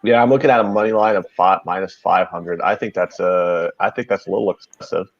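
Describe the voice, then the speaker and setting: A man's voice: low voice, fairly quick, vocal fry, dry recording. A man on a betting panel, chatty and storytelling, with mild swearing. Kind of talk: casual sports betting chat. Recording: dull lo-fi mic.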